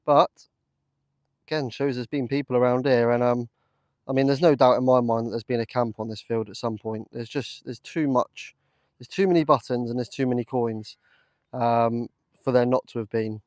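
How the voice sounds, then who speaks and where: A man talking to camera in an open field, chatty and full of ums and uhs, quick to get excited. His voice sits at an ordinary middle pitch. The sound is close and dry, with no room around it. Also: no echo. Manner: chatty, excitable, lots of fillers. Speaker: metal detecting vlogger. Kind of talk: casual commentary to camera.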